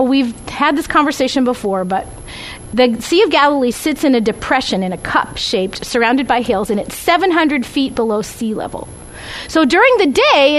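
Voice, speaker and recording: A woman's voice: sits high, rough recording. A woman teaching a Bible study class with slides, talking conversationally and often checking in with "right?" and "okay?".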